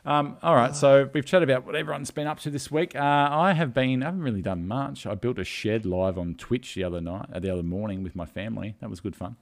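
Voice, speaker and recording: A man's voice: medium pitch, fast, few pauses. A man co-hosting a casual live podcast, telling a story in a rambling, emotional way with many fillers. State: tearful. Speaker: podcast co-host.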